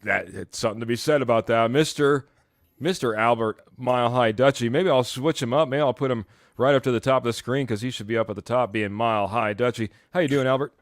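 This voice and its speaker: A man's voice: mid-range voice, a little fast, no echo, clean studio sound. Upbeat male host of a fan sports stream. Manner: upbeat, reads viewer comments aloud, chuckles often. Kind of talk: casual live-stream sports chat.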